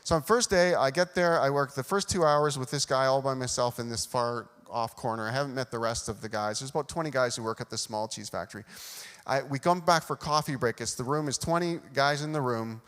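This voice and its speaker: A man's voice: medium pitch, a little fast, a bit bright, smooth. A man preaching a sermon, telling a self-deprecating personal story and acting out the dialogue. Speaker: pastor. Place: church sanctuary. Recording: long hall reverb.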